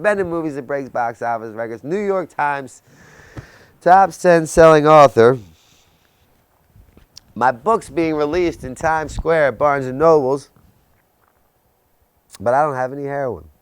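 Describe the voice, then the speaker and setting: A man's voice: medium pitch, clear, resonant tone, dry recording. A man in his thirties giving an intense personal testimony about addiction and recovery, building his story with rhetorical questions. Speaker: recovery speaker.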